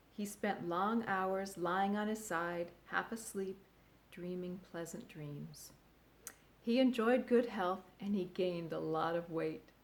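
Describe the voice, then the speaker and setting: A woman reading a children's book aloud in an expressive, animated way. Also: medium pitch. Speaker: storyteller.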